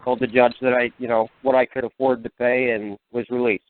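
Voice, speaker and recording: A man's voice: medium pitch, flat delivery, brisk, slight background noise. A man calling in to a talk show, telling his story hesitantly with many fillers. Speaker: caller. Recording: dry, tinny phone line.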